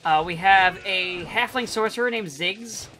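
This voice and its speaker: A man's voice: high-pitched, a little slow, bright, forceful tone, soft background music. A man casually recapping tabletop game sessions, rambling with loose profanity, frequent fillers and self-corrections.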